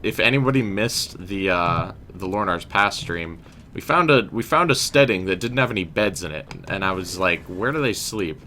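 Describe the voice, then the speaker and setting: Deep-voiced chatty game streamer. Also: male voice, animated, moderate pace, bright, forceful tone, a little hiss or hum. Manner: chatty, addresses chat as guys, slangy. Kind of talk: casual let's-play commentary.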